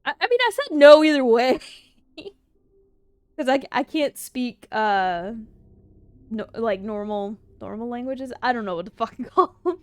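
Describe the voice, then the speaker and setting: High-voiced laughing woman streamer. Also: lively intonation, unhurried, long pauses, smooth, no echo. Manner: laughs often, swears casually. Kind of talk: casual livestream chat answering viewer questions.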